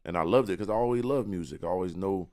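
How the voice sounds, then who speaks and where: A man's voice: deep voice, fast, darkish tone. A young man, a rapper guest on a podcast, talking about himself with boastful confidence and street slang. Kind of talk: casual interview talk.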